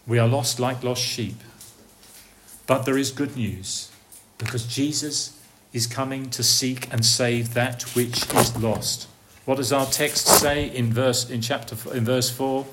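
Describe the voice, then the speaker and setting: A man preaching a sermon, asking his listeners rhetorical questions and swinging between soft, hushed lines and raised, calling ones. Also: mid-range voice, steady tone, unhurried, slight background noise.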